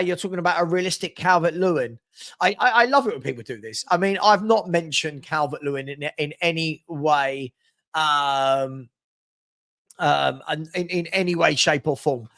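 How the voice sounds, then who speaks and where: A man hosting a live football stream, chatty and teasing as he reads viewer comments and gives shout-outs. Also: on the high side, moderate pace. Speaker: host of a live football transfer show.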